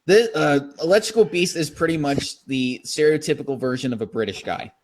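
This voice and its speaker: Young male podcast host, relaxed storyteller, somewhat high voice. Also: brisk, slight background noise. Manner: storytelling, often slipping into quoted impressions. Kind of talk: casual comedic commentary.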